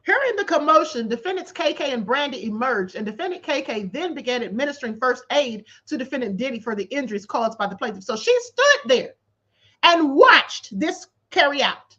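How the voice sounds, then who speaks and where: A woman's voice: high-pitched, big pitch swings, a little fast, a bit bright, slightly rough. Woman host reading a lawsuit on stream, super sarcastic and in disbelief, voice bouncing up and down, kinda muffled lo-fi sound. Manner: incredulous and sarcastic, laughing in disbelief. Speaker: livestream host. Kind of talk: livestream commentary reading a court filing. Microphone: livestream setup.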